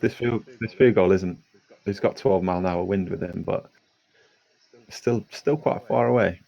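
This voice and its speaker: A man's voice: low-pitched, moderate pace, vocal fry, mellow. A man giving laid-back color commentary on a game with short, dry remarks. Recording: dull lo-fi audio.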